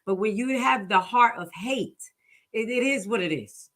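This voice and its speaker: A woman's voice: fairly high pitch, moderate pace, fairly bright tone. A woman giving casual commentary, telling stories in a blunt, profane, preachy way. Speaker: commentary vlogger.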